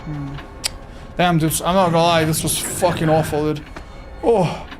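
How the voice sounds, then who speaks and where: A man's voice: on the high side, fairly even intonation, unhurried, music in the background. Cursing young man streaming a game. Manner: swears often, frustrated outbursts. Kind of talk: live gameplay commentary. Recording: noisy stream with game sound.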